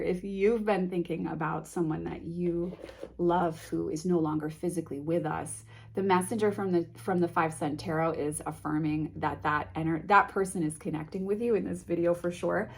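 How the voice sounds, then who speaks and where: A woman vlogging an unboxing of a card deck, reading card names softly and gushing with emotion. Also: fairly low pitch, fairly even intonation, normal speed, gravelly. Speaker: tarot vlogger. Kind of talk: casual unboxing vlog.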